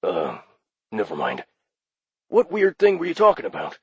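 A man voicing a friendly male demon phone operator with a raspy voice and chummy customer-service patter, in an audiobook. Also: lowish voice, huge pitch swings, moderate pace, no room sound, lo-fi sound, exaggerated voice. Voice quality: raspy, gravelly. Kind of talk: audiobook character voice.

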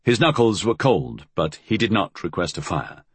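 A male audiobook narrator with a low, husky voice that moves in lively rises and falls through the story. He reads in a measured, expressive way, close and dry with no room sound around him. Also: dry recording.

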